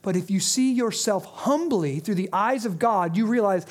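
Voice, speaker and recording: A man preaching with a strikingly high voice. He moves between fervent, raised appeals and hushed, earnest passages. He delivers a sermon as a pastor. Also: moderate pace, few pauses. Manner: impassioned preaching with sudden drops to quiet intensity.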